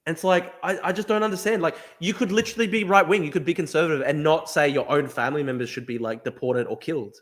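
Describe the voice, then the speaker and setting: A man's voice: a little high, fast, hardly any pauses. A man from Australia hosting a heated debate, exasperated, stammering and restarting, calling the other person "dude" again and again. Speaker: podcast host.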